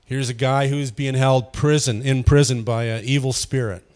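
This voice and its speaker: A man's voice: mid-range voice, fairly even intonation, normal speed, darkish tone. A man giving an informal teaching sermon, asking the room questions and chuckling often. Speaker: pastor leading a Bible study.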